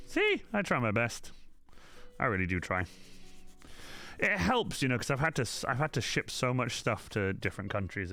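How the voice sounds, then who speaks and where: A man's voice: medium pitch, sharp tone. A young man hosting a casual crafting livestream, chatting to his viewers and apologizing often. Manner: chatty, apologetic, talks straight to chat. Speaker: livestream host.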